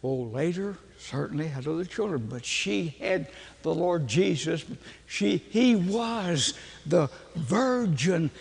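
An older man, preaching in a folksy, humorous storytelling way with a gravelly, husky voice. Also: a little high, lively intonation, slow, darkish tone. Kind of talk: storytelling sermon. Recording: long hall reverb.

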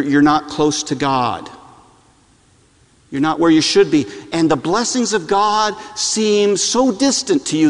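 A middle-aged man preaching a sermon, telling stories with animated delivery and repeating lines for emphasis. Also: fairly high pitch. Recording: long hall reverb.

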